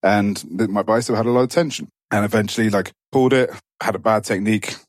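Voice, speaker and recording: A young man with a very low voice talks through a casual podcast chat, circling back with fillers and restarts. His voice sits close to the mic in a dry room. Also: fairly even intonation, fast, no echo. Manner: rambling, many fillers and restarts. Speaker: podcast co-host.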